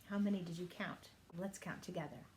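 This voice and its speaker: A woman leading a children's singing lesson, talking gently and encouragingly to the children. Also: fairly low pitch, brisk, roomy sound, slight background noise. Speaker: primary singing time leader.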